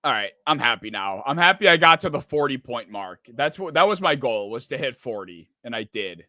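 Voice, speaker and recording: A man's voice: mid-range voice, sing-song, fairly quick, bright, forceful tone, no echo, studio quality. A man hosting a live sports reaction stream, rambling and swearing in frustration. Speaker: streamer host.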